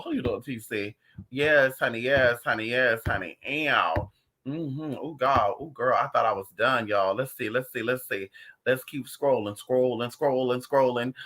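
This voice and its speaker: Livestream host, animated and profane, storytelling casually to viewers. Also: mid-range voice. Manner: talks straight to viewers.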